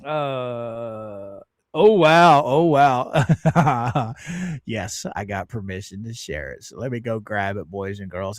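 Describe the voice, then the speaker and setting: Excitable, laughing livestream host man. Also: medium pitch, slow pace, dry recording, clean studio sound. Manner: laughing, excitable, greets chat viewers. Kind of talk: casual livestream chat.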